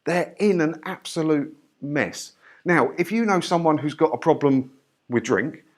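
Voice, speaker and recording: A man's voice: on the high side, measured pace. A man from the UK giving a persuasive rant to his viewers. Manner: ranting, persuasive. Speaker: YouTuber. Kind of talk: opinion rant to camera.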